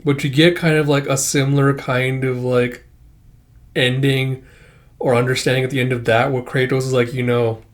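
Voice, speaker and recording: A man's voice: mid-range voice, flat delivery, normal speed. A man talking through his thoughts on a comic book in casual reaction commentary, rambling with heavy filler words and casual swearing. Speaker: comic reviewer.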